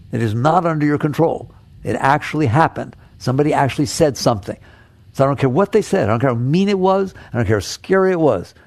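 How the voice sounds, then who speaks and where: A man's voice: mid-range voice, gravelly, a little mellow, no echo. A man giving a spiritual talk as a teacher, emphatic and repetitive, asking rhetorical questions. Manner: emphatic, repeats key phrases, rhetorical questions.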